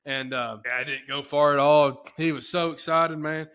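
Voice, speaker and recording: A man with a bright, forceful voice pitched a touch high tells a story on a podcast. He rambles in a loose, animated way, full of filler talk and asides, as if chatting with a friend. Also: normal speed, clean tone. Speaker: podcast host. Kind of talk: casual storytelling chat.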